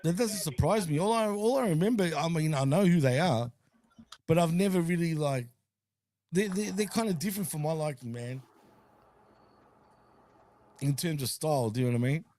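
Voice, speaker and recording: A man's voice: a little high, lively intonation, moderate pace, pauses often, dark tone. A man hosting a casual wrestling watch-along stream, laid-back and swearing, tacking "man" and "bro" onto his sentences. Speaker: host.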